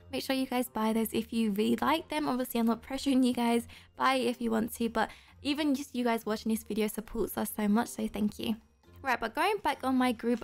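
A female YouTuber hosts Roblox gameplay commentary in a high, gushing voice with vocal fry. She is excitable, often gasping and squealing, and talks straight to her viewers.

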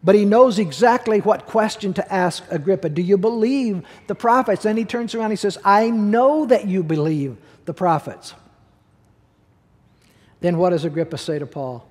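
A man's voice: high voice, moderate pace, a little mellow, in a large hall. A man preaching a sermon as pastor, emphatic and conversational, repeating key words for effect.

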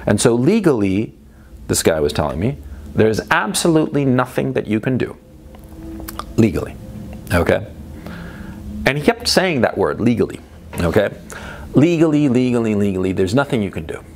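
A man's voice: on the low side, big pitch swings, normal speed, creaky, long pauses, slight background noise. Profane, rambling middle-aged man telling a story. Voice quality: profane, rambling, with frequent tag questions. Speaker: host. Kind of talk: casual storytelling monologue.

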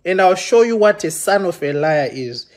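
A man with a notably high voice delivers a heated livestream rant. He sounds accusing and impassioned, and he trips over his words and restarts often as he addresses his viewers. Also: very animated, normal speed, darkish tone. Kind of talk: live-streamed rant to viewers. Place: London.

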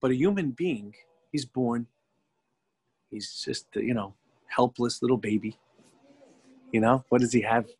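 A middle-aged man, a rabbi, teaching a religious class as a lively storyteller who acts out the people in his tale. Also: mid-range voice, a little hiss or hum.

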